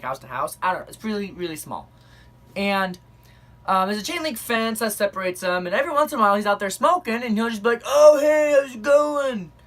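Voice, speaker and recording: A woman's voice: mid-range voice, a bit bright. A young woman telling a personal story in a chatty, rambling way, full of fillers and little laughs. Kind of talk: casual spoken storytelling.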